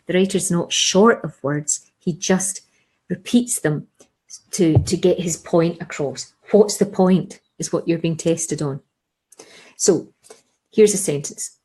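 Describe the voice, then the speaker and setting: A woman leads an English revision lesson in a mellow, slightly low voice. She explains patiently, circles back to key points and asks her listeners rhetorical questions. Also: low-quality recording. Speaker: English teacher.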